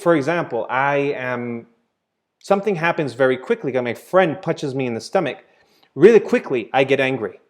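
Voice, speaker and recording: A man teaching English grammar, explaining slowly and checking in with "right?" and "okay?" as he goes. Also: medium pitch. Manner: patient, repeats points with "right?" and "okay?".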